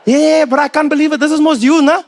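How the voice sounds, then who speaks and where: Man doing a young Cape Town fan, Cape Town accent, high voice, loud, pushy, bossy. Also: fairly even intonation, fast talker. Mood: excited. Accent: Cape Town English.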